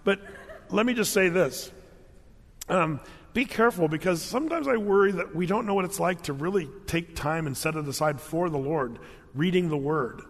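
A man's voice: fairly high pitch, lively intonation, normal speed, big-room sound. A man preaching a sermon as pastor, telling humorous personal stories in a conversational way. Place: large church hall.

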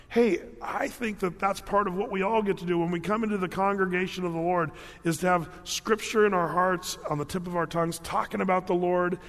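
A man's voice: sits high, steady tone, fairly quick, fairly bright tone, long reverb tail. A man preaching a sermon as pastor, telling humorous personal stories in a conversational way. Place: large church hall.

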